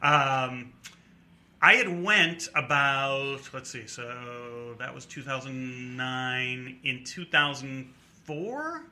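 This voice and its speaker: Bright-voiced man telling a rambling story. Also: medium pitch, drawn-out words. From American Midwest. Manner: rambling, animated anecdote with acted-out quotes. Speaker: comedian guest. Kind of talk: casual storytelling interview.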